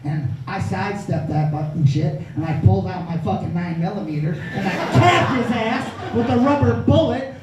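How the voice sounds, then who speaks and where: A man's voice: sits high, moderate pace, hardly any pauses. A man doing a crude, brash stand-up comedy set on a small club stage, with audience laughter behind him. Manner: crude, brash, profane storytelling. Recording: echoey club from far off, noisy.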